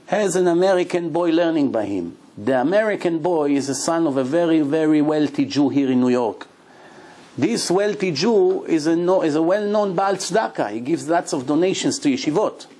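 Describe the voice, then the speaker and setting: A middle-aged man, a rabbi, telling stories in a sermon and acting out the voices of the people in them. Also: a little high. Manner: animated storyteller acting out quoted voices. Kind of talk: storytelling sermon.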